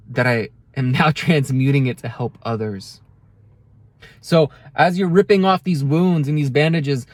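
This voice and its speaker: A man's voice: mid-range voice, dry recording. A man speaking earnestly to camera in a heartfelt motivational monologue, often restarting his sentences. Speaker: self-help video creator.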